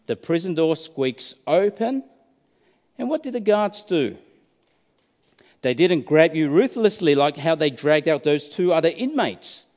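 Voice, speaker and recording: A man's voice: on the high side, a little mellow. A male preacher giving a sermon, telling a story dramatically and asking many rhetorical questions. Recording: reverberant hall.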